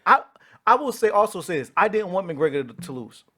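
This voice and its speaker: A man's voice: high voice, very animated, fairly quick, fairly bright tone. A man co-hosting a podcast, talking bluntly and swearing in casual chat. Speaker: podcast co-host.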